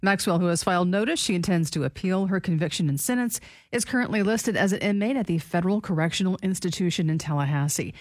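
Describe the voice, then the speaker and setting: A woman co-hosting a talk radio show, bantering dryly and then reading news reports in a steady way. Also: fairly low pitch, fast, dry recording. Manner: dry, reluctant, steady reading. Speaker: radio co-host and news reader.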